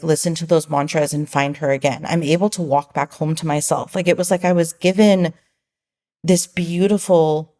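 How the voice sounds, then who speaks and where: A woman guest on a podcast, earnestly recounting a personal experience, slow and reflective at times, then animated as she retells moments. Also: fairly low pitch. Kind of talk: personal storytelling in an interview.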